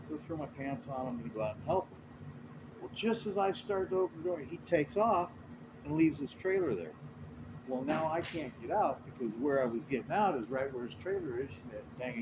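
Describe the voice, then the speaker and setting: Lively, cussing trucker man. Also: fairly high pitch, lo-fi sound, noisy background. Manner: rambling, profane, animated retelling. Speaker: truck driver. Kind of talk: casual storytelling.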